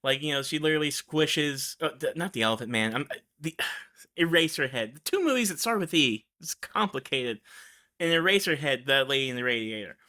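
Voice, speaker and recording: A man's voice: on the high side, lively intonation, fairly quick, sharp tone. A man hosting a show, chatting casually about films, rambling and laughing often. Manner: rambling, full of fillers and restarts, laughs often. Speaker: show host. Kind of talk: casual film commentary.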